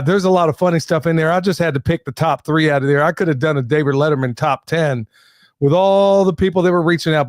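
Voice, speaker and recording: A man's voice: on the high side, dry recording, clean studio sound. A man hosting a podcast in a casual, joking way, laughing often and talking to his listeners. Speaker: podcast host.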